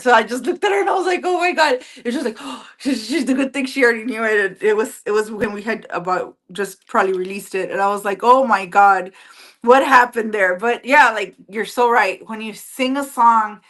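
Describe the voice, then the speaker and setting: A woman guest, singer and police officer, chatting casually, animated and full of fillers. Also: fairly high pitch, fairly quick. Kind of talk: casual interview chat.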